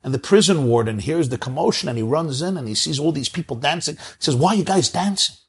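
A man gives an emphatic storytelling sermon as a spiritual teacher, stacking up phrase after phrase. His voice is gravelly and husky, a little high for a man. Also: lively intonation, fast talker. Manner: emphatic, piles up repeated phrases.

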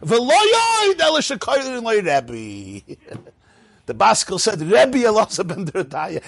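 Animated, husky-voiced man teaching Talmud. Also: high voice, slow, dry recording. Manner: lively storytelling with laughing asides; mixes Hebrew and Yiddish terms into English. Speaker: Torah teacher. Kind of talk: Talmud and Chassidus class.

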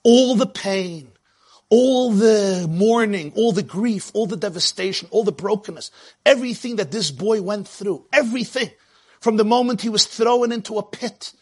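Man preaching a sermon, high voice, husky, dramatic rises and falls. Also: moderate pace. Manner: dramatic, rising and falling delivery, quoting Hebrew verses.

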